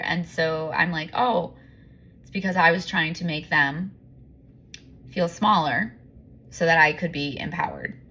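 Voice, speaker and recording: A woman with a lowish pitch and a bright, forceful tone talks straight to the listener. She rambles earnestly through personal stories, long-winded and confessional, in the manner of a coach sharing lessons. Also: breathy edge. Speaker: empowerment coach. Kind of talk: candid personal monologue.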